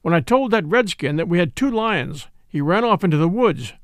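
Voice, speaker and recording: A man's voice: high-pitched, lively intonation, moderate pace, no room sound, studio quality. A man doing stubborn frontier guide Jones. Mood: insistent. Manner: insistent, matter-of-fact.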